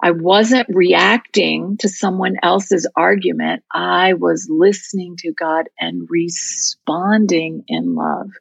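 Gravelly husky woman telling a heartfelt story. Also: lowish voice, expressive, slow, few pauses, no echo. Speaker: interview guest. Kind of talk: storytelling in a faith interview.

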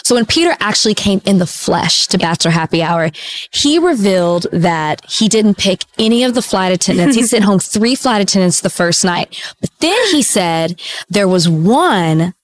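A young woman hosting a podcast interview, upbeat and animated as she asks her guest questions. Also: medium pitch, moderate pace. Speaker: podcast host.

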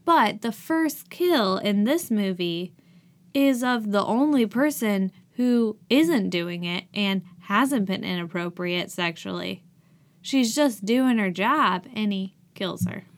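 Slow-talking woman, incredulous podcast co-host. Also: medium pitch, animated. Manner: incredulous, laughing questions. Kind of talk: casual movie review chat.

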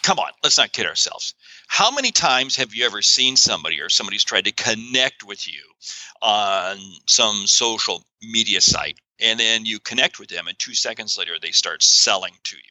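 A man talking as a guest author in a podcast interview, animated and emphatic, with frequent exclamations. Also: on the low side, normal speed, no echo, low-quality recording.

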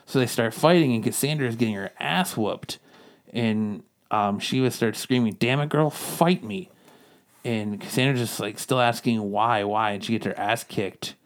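This fairly low-voiced man speaks at normal speed as co-host of a casual comics-review podcast. His plot recap is loose and rambling, peppered with quoted lines from the characters.

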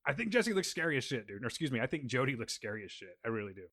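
A laid-back man in casual podcast talk who rambles and jokes as he walks through scenes. He has a middling pitch and an everyday, unhurried way of speaking. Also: sing-song, fairly bright tone. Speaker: podcast host. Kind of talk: casual chat and episode breakdown.

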